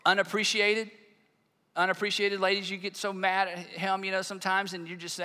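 A man's voice: high voice, flat delivery, fairly quick, sharp tone. A man preaching a sermon as a pastor, conversational and acting out little dialogues. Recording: reverberant hall.

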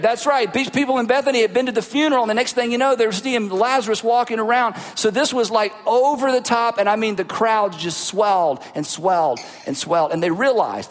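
A man preaching a sermon with animated delivery, asking the congregation rhetorical questions. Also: high voice. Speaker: pastor. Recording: long hall reverb.

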